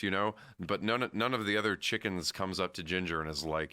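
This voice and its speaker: Man, low voice, crisp, podcast co-host, analytical, dry close sound. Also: fairly even intonation, brisk, few pauses, pushed and bright, no echo. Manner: thoughtful, analytical, hesitant restarts. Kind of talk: casual film discussion.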